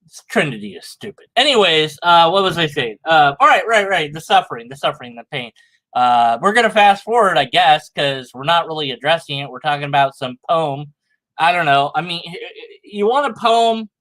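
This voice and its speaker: A man's voice: on the high side, animated, normal speed, fairly bright tone. A man giving sarcastic, rambling commentary on a sermon clip, mocking the preacher's arguments. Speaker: video commentator.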